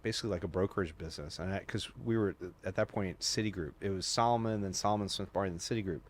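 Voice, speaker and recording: A man's voice: sits low, quick pace, a little hiss or hum. A man guest on a podcast, telling long stories in casual chat, full of "like" fillers and quoted voices. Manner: animated storyteller with many "like" fillers and quoted voices.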